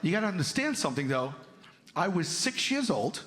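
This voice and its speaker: A male stand-up comedian telling a story on stage, animated and lively, with sudden jumps into loud character voices. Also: sits high, brisk, background noise. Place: large theater stage. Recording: reverberant hall, loud audience.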